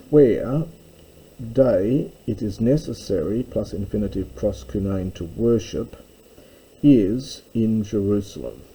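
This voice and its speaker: Slow, dark-voiced man teaching. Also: fairly low pitch, slightly rough, rough recording. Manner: methodical, explains grammar terms with pauses and fillers. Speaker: Greek teacher. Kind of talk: slow line-by-line translation lesson.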